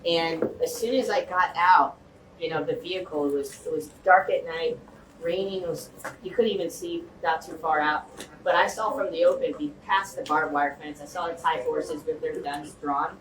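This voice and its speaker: A man from the Los Angeles area giving an animated, rambling storytelling speech to a community group. He restarts phrases often and leans on "like" and "you know.". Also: on the high side, moderate pace. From Los Angeles area, United States. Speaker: speaker addressing a community group. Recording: echoey room, mic far off, faint hum.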